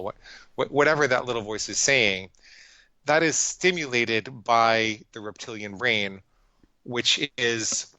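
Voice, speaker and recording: A man's voice: mid-range voice, a little slow, sharp tone, clean tone, no echo, low-quality recording. A man, a psychologist guest on a podcast, telling his story in an earnest, emphatic way with frequent restarts. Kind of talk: conversational interview storytelling.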